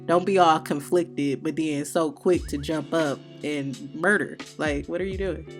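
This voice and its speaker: A woman's voice: sits low, steady tone, a little slow, faint music behind. A woman hosting a manga review, recapping the chapter in casual, slangy, opinionated talk with playful heckling asides.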